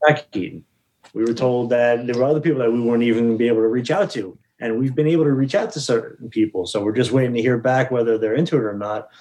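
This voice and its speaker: A man's voice: mid-range voice, fast, mellow, poor audio. A man who organizes conventions, speaking in casual chat in a confident, matter-of-fact way.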